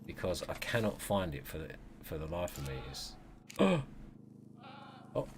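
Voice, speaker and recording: An excitable man streams a survival game and talks it through live. His low voice swings up and down a lot as he exclaims at what he sees. A faint hiss sits under the recording. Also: a little fast. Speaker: gaming streamer. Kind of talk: live gameplay commentary.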